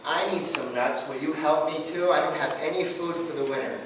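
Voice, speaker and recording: A man's voice: fairly high pitch, steady tone, brisk, lightly acted. A man telling a story and voicing a vain female skunk who begs the other animals for help. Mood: pleading. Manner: pleading, begging. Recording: echoey, noisy room from far off.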